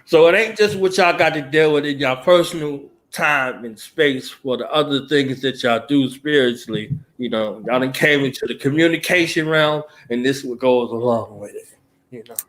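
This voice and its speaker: A man hosting a radio talk show, chatting in a laid-back, slang-heavy way and telling animated stories. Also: normal speed. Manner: animated storyteller who mimics callers in a higher, louder voice. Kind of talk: casual chat.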